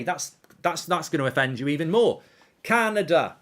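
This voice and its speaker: This man's voice is fairly high and fairly quick as he runs a live football watchalong. Between reading out comments from viewers, he rants with animated indignation over the referee's decisions.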